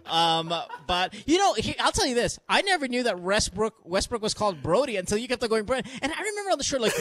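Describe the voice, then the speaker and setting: A man's voice: very high-pitched, sing-song, quick pace, hardly any pauses, a bit bright, slight background noise. A man co-hosting a casual sports talk podcast, joining remotely, teasing his co-hosts and acting out quotes as he tells stories. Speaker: podcast co-host. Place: calling in remotely from another city.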